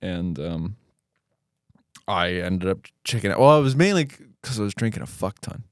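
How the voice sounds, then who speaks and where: Young male podcast host, low voice, casual profane storyteller, dry booth sound. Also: very animated, moderate pace, dry recording. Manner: rambling, profane, self-mocking anecdotes.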